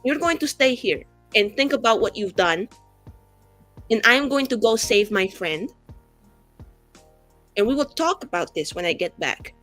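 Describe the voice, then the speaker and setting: A woman's voice: on the high side, expressive, measured pace, long pauses, a bit bright, faint music behind. A woman voicing her brash, prickly young mage character, who swears and rambles between teasing jabs. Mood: stern. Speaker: player.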